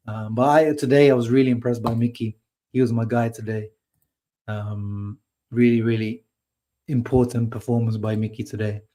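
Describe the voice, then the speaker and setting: A man's voice: medium pitch, dark tone. A man hosting a live post-match football reaction stream, talking casually and laughing often. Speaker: football channel host.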